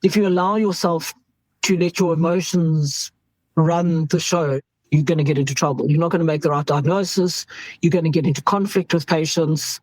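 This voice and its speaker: This is a woman's low, darkish voice, steady in tone and delivered at normal speed. She is a South African emergency doctor in her fifties giving a candid interview, acting out what others said. The audio is poor, though free of echo.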